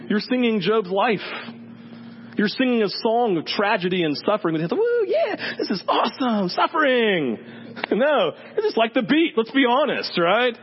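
A man preaching a sermon in an animated, joking way, acting out the voices of people he quotes. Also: high voice. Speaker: pastor. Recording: dull sound with faint hum.

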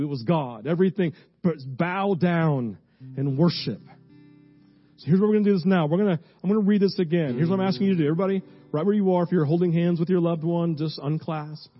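Impassioned male pastor, slightly high voice. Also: muffled recording. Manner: impassioned, emphatic preaching that softens into a slow, hushed prayer. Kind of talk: sermon with devotional scripture reading and prayer. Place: church before a congregation.

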